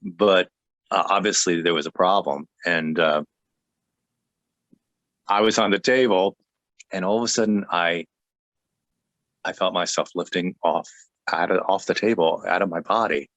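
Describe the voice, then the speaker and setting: A man with a fairly low voice shares his testimony as a pastor in a relaxed conversation. He jokes and laughs easily, and his sentences often stall and restart. The sound is dry, with no room echo. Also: lo-fi sound. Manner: halting, with many restarts.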